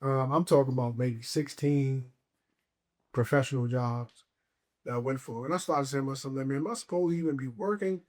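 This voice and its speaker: Male guest, casual storyteller, emphatic, mid-pitched voice, acts out his own past thoughts. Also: fairly quick. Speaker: podcast guest.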